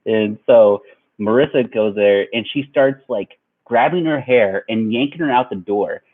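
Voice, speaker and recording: A man's voice: lowish voice, measured pace. A man in his twenties telling a personal story in a rambling way, with lots of fillers and laughs. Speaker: vlogger. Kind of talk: storytime vlog. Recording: tinny phone-like sound.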